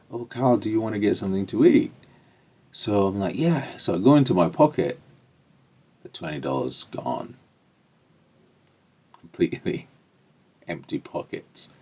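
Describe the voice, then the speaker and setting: A middle-aged man, a coach, telling a personal story in a lively, expressive way with loud swells. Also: sits low. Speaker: business coach. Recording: dull lo-fi recording.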